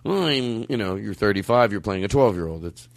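A man's voice: on the low side, fast, no room sound. A man hosting a podcast in casual comedic chat, joking and slipping into an ad-read patter. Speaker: podcast host.

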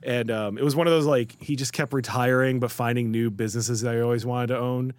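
A man from the Chicago area tells food stories as a guest in a casual interview. His pitch sits in the middle, and he acts out the people he quotes with lively jumps in his voice. The mic is close and dry. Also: a little fast, no echo. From Chicago area, USA. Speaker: guest writer.

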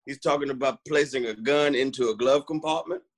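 A man's voice: mid-range voice, a little fast. A man making goofy wisecracks in a casual podcast chat with friends.

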